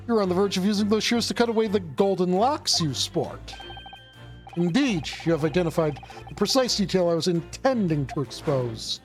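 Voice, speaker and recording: Teatralny, triumfujący detektyw z gry wideo, czytany na głos przez mężczyznę, mówi uroczyście, wysokim głosem, z cichą muzyką w tle. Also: male voice, high-pitched, lively intonation, moderate pace, faint music behind. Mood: triumphant. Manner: grandiose, formal read-aloud delivery. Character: brilliant, theatrical male detective.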